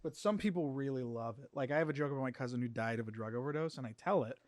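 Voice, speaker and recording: A man's voice: mid-range voice, very fast, no room sound. A man, a stand-up comedian guest, chatting casually and animatedly, laughing and acting out what people said.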